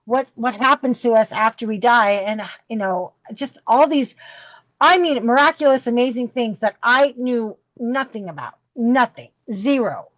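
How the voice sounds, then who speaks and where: Podcast guest, middle-aged woman, emotional rambling delivery, higher pitch, dull close recording. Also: a little slow, a bit bright, no room sound. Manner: rambling, emotional, full of fillers. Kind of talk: candid interview storytelling.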